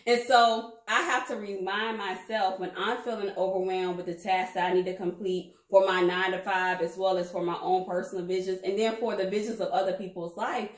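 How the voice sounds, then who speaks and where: A woman co-hosting a casual talk, chatty and lively, using slang. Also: mid-range voice, brisk, few pauses, roomy sound, rough recording. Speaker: co-host. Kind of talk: casual chat.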